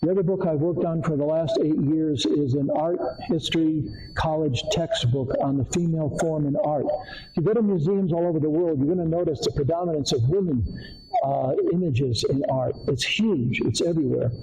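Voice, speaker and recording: A man's voice: a little high, normal speed, warm tone, poor audio. An older man from Connecticut presenting his artwork to a live audience, telling stories with frequent fillers and restarts. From Connecticut, USA. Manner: rambling, anecdotal, frequent fillers. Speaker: artist giving a seminar talk. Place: community arts center meeting room.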